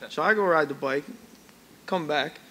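A man's voice: a little high, normal speed, fairly bright tone. A man speaking at a friend's memorial service, telling a story casually and rambling with fillers. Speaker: friend giving a eulogy. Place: church hall.

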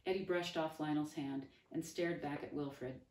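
A woman reading a novel aloud in a calm, measured way. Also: sits low. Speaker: storyteller. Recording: roomy, distant mic.

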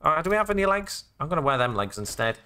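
A man's voice: fairly high pitch, sing-song, fast, bright, forceful tone, smooth. A young British man giving goofy, profane gameplay commentary, narrating his own actions as he plays and breaking into sudden squeals. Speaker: let's play gamer.

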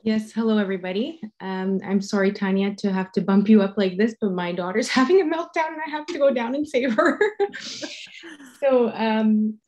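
A woman's voice: mid-range voice, a little fast, hardly any pauses, a little mellow. A woman with a French accent, a jury member introducing a reader in a casual, hesitant way with many fillers, over a video call.

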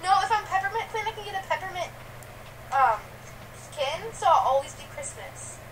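A woman's voice: very high-pitched, expressive, moderate pace, crowd noise. A woman playing a game with a friend, chatting in a bubbly, silly, playful way. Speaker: guest player. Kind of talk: casual chat while playing a game. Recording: noisy mic with clicking in the background.

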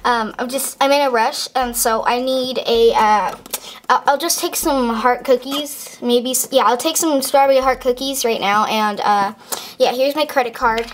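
A breathless female pet hurries to buy cookies, as a woman voices her in a homemade toy skit. She talks quickly and her voice sits high. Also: steady tone, slight background noise, lightly acted. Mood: rushed. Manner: rushed, breathless. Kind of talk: toy skit role-play.

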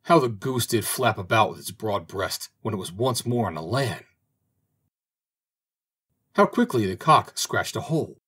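Husky, expressive male storybook reader. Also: on the low side, a little slow, pauses often. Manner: expressive, dramatic reading. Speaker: audiobook reader. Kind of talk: storybook narration.

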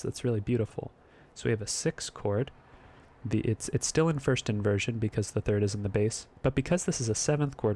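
A man's voice: fairly low pitch, darkish tone. A young man teaching music theory in a casual, thinking-aloud way, hesitant, with many fillers and self-corrections.

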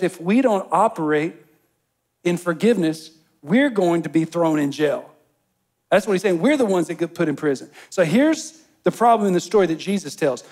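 A pastor with a high-sitting, darkish voice preaches a sermon, reading a parable aloud. He speaks directly to his congregation, his delivery rising in emphatic bursts.

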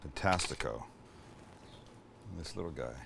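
A man's voice: very deep voice, animated, measured pace, gravelly, pushed and bright, slight background noise. Chatty man cooking at the stove. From Canada. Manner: chatty and enthusiastic, swears casually. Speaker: cooking show host. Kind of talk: casual cooking demonstration. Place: home kitchen, cooking at the stove.

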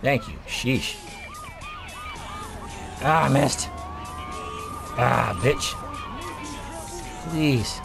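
A young man giving casual gameplay commentary as a streamer, excitable and profane, with yelping outbursts. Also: mid-range voice, very slow, creaky, pauses often, over music. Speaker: gaming streamer.

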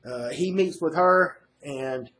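A man's voice: on the high side, takes it slowly, fairly bright tone. Rambling man recapping a comic. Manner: rambling, filler-heavy retelling. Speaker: comic book reviewer. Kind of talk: casual first-reaction recap.

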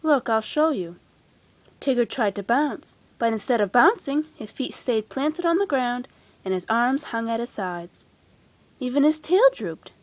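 A woman with a fairly high voice reads a children's storybook aloud, gentle and expressive. The sound is dry and close, with no room echo. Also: a little slow. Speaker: storybook reader.

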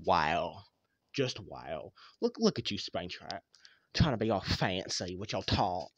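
A man's voice: sits low, very animated, takes it slowly, slightly rough, pitched below the performer's own voice, exaggerated voice. A man voicing a nagging, mocking male fox animatronic who needles and taunts the others in a fan machinima.

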